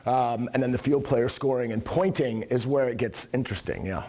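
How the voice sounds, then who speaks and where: A man's voice: medium pitch, moderate pace. A middle-aged man, a coach giving a conference talk, telling anecdotes and acting out the dialogue in them. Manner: animated storyteller who acts out dialogue. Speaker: coach and workshop speaker. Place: conference room.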